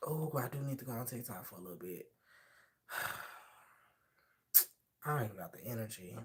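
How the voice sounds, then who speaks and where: Sassy, animated male streamer. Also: mid-range voice, moderate pace. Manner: sassy, animated, acts out quoted voices. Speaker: livestreamer. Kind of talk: casual storytelling livestream.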